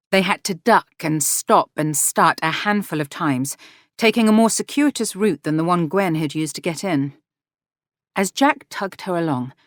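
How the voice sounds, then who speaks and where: A woman reading romance audiobook narration in a measured, smooth manner. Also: on the low side, no echo, studio quality.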